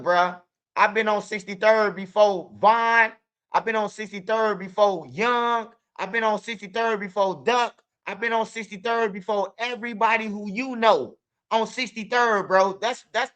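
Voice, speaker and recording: A man's voice: high-pitched, bright, forceful tone, clear, resonant tone. A young man with a Chicago accent telling street stories in loose, profane casual talk. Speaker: interviewee. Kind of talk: casual storytelling.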